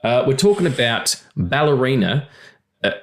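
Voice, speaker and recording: A man hosts a podcast in loose, profane banter, his voice swooping up and down as he riffs. A little gravel lingers from a recent loss of voice. He talks with quick restarts and laughing asides. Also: medium pitch. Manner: animated, crude, jokey, with restarts. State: slightly gravelly voice after losing it. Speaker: podcast host.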